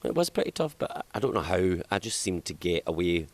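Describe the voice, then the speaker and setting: Scottish male comic, deep voice, easygoing interview banter, quick to laugh. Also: sing-song. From Scotland. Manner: chatty, laughs often, self-deprecating. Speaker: comedian guest. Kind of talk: casual interview chat. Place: outdoors in hot sunshine.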